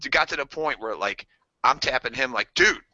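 A man co-hosting a casual podcast chat, telling animated stories and acting out the voices in them. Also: mid-range voice, fairly quick, dry recording. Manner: animated storyteller, acts out voices. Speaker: podcast co-host. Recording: dull lo-fi podcast audio.

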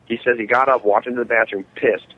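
Talking quickly in a mid-range voice, a man rambles through profane party tales in a casual hangout with friends. He acts out others' dialogue in lively voices, and the muffled lo-fi audio has a faint hiss.

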